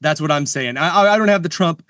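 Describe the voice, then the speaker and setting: A man's voice: a little high, quick pace, noisy background. A man co-hosting a podcast in casual chat, playful and jokey, often restarting his sentences. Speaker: podcast co-host. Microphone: studio mic.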